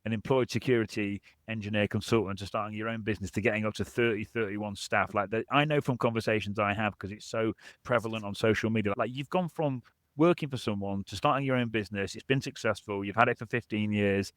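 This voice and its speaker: A man's voice: lowish voice, quick pace, dry recording, studio quality. Chatty male podcast host. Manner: chatty, friendly, calls guest "my friend". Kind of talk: casual interview hosting.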